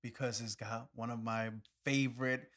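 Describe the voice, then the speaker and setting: A man in casual podcast chat, eager and rambling, often circling back with "um" and "you know." His voice sits at a mid pitch with nothing unusual in its timbre. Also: flat delivery, normal speed, fairly bright tone. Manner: rambling, enthusiastic, many fillers and restarts. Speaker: podcast co-host.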